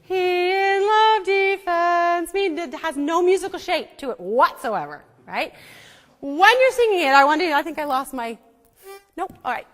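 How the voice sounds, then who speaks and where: A woman with a very high, light voice teaches a music lesson in a church hall, and her voice echoes back off the walls. She coaxes her listeners along in a teacherly way, checking in with them often. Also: big pitch swings, normal speed, fairly bright tone. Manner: teacherly, coaxing, checks in with "okay?" and "right?". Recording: echoey hall, imperfect sound.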